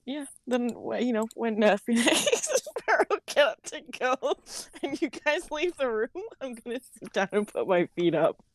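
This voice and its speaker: A woman playing a tabletop game, playful and quick to laugh. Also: a little high, sing-song, no echo. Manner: playful, giggly. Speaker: player. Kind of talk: tabletop role-play chat.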